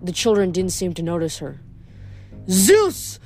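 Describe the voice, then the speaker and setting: A woman reading a novel aloud in steady storytelling, with small slips, faint music behind. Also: medium pitch, moderate pace. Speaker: reader.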